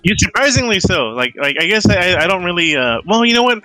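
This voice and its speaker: A man's voice: high voice, very animated, fairly quick, bright, forceful tone, dry recording, soft background music, rough recording. A man co-hosting a podcast in casual chat, hedging his points with lots of filler words. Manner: hedging, many fillers like 'you know'. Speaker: podcast co-host.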